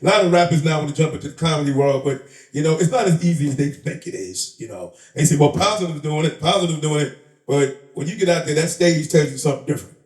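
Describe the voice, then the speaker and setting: Roomy, animated New man telling stories. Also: a little high, fast talker. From the Bronx, New York. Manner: streetwise, laughing, acts out voices in his stories. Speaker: interview guest, rapper and comedian. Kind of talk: animated storytelling in casual chat. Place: live event in a shop. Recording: roomy sound, a bit far from the mic.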